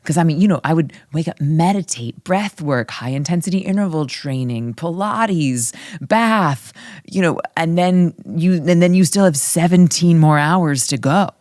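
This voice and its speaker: A woman's voice: low voice, expressive, a little mellow, dry recording, studio quality. A young woman hosting a podcast, enthusiastic and affirming, chiming in eagerly. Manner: enthusiastic, affirming, quick interjections. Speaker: podcast host. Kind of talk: casual conversation.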